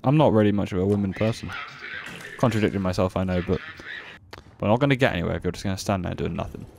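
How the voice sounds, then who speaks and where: A man's voice: sits low, fast talker, creaky, noisy background. Joking young man streaming a game. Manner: joking, playful, excitable. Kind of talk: casual gameplay commentary.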